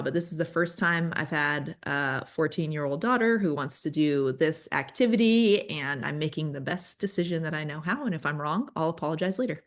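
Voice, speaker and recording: A woman's voice: low voice, animated, moderate pace, few pauses. A woman in her forties, a children's ministry guest, telling candid, self-deprecating stories in casual conversation.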